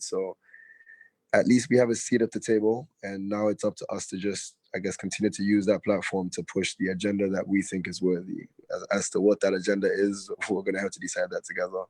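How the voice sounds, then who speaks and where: A young man from Ghana with a hoarse, raspy voice, speaking as a guest in a casual conversation over a video call. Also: sits low, a little mellow, dry recording, poor audio. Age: young adult. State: hoarse, has lost his voice. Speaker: guest actor.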